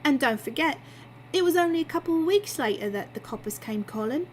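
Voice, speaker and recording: Brief: cheeky barmaid, breezy and lively, put on by a woman reader in a storybook reading, slightly raised voice, faint room hum. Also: high voice, brisk, pitched above the performer's own voice.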